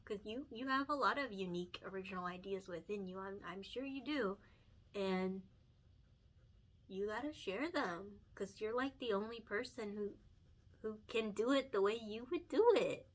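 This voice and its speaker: A woman's voice: medium pitch, moderate pace. A young woman, a picture book illustrator, chatting casually and earnestly while coloring, with lots of fillers and laughs. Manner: chatty, earnest, many fillers and self-corrections; emotional and encouraging, laughs often.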